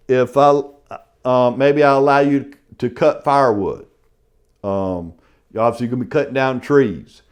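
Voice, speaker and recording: A man's voice: mid-range voice, a little mellow, clean tone. A middle-aged man, teaching a casual real estate lecture in a folksy way and saying "y'all" often. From South Carolina.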